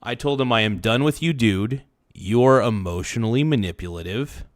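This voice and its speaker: A man rants on his livestream in a heated, profane voice, his pitch sitting in an average range. The sound is dry and close, with no room echo. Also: lively intonation, moderate pace. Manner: heated, profane, reads messages aloud and rants. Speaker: streamer. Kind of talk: angry livestream rant.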